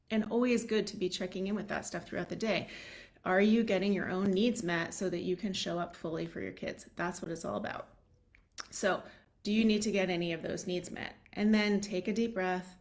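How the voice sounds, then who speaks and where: A woman parenting coach giving casual advice to parents, straight to camera, often checking in with "right?". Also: mid-range voice. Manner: conversational, checks in with the listener with "right?". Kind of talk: direct-to-camera advice vlog.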